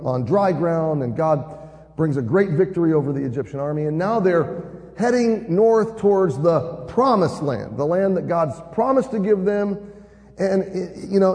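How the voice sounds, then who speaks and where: A man's voice: a little high, dark tone, long reverb tail. A man preaching a sermon, retelling the story in an earnest way and building emphasis as he goes.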